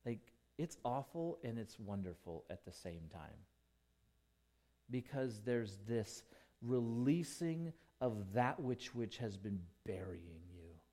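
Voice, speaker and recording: A male pastor preaching a sermon, emphatic, with big swings between quiet and loud. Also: expressive. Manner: slow, emphatic preaching with dramatic swings in volume and pitch.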